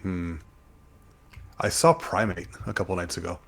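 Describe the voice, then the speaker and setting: A man with a low voice co-hosts a podcast in relaxed, easygoing chat. He hesitates often and is quick to poke fun at himself. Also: creaky. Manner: easygoing, hesitant, self-deprecating. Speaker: podcast co-host. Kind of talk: casual chat.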